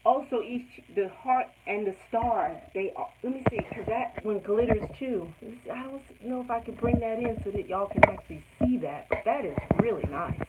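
A woman's voice: fairly high pitch, lively intonation, moderate pace, few pauses. Laughing woman reading live comments. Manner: laughs often, reads viewer comments aloud. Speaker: quilting channel host. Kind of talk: casual live-stream chat. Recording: tinny phone-like sound with loud background noise.

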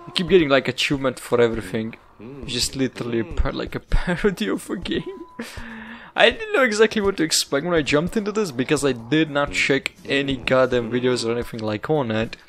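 A young man, a gaming YouTuber giving rambling, swearing let's-play commentary while he plays. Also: mid-range voice. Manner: rambling, swearing, laughing at the game.

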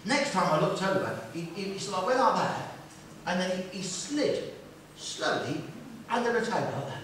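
A man's voice: high voice, sing-song, moderate pace, a bit bright, slight background noise. A man performing a chatty stand-up comedy routine on a music hall stage, telling his story with repeated phrases. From London. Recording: echoey hall from far off with audience.

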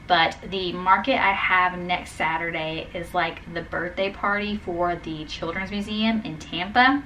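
A young woman, a small business owner, chats casually in a vlog about her little craft business, sounding upbeat and using plenty of fillers. Her voice is on the low side, fairly even in intonation, unhurried, and sharp in tone. The poor-quality audio carries a slight hiss or hum, and the settings are her home craft studio and a fabric store.

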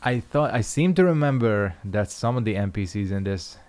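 A man's voice: on the low side, animated, normal speed, darkish tone. A young man casually commenting on his own gameplay, swearing and joking to himself. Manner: swears freely, jokes to himself. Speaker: gaming video host.

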